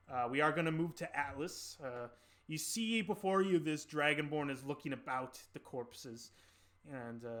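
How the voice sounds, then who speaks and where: A man's voice: a little high, fairly bright tone. A man serving as dungeon master, narrating an improvised tabletop game and patiently explaining the rules to the players.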